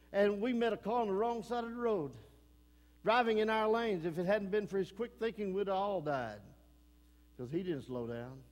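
A man with an East Texas accent preaching a fiery sermon as pastor, swinging between shouted warnings and low, earnest pleading. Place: church sanctuary. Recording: long hall reverb.

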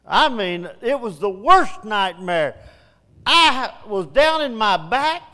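A high-voiced man pastor preaching at an unhurried pace. He talks in a folksy, self-mocking way and builds to shouts. His voice rings with the long reverb of a church hall. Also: sing-song. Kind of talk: sermon.

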